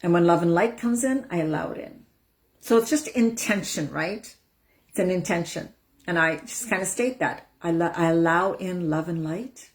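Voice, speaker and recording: A woman coaching on a casual live stream, speaking soothingly and breaking into loud whooshing out-breaths as she demonstrates letting go. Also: lowish voice, moderate pace. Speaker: empowerment coach hosting a live session.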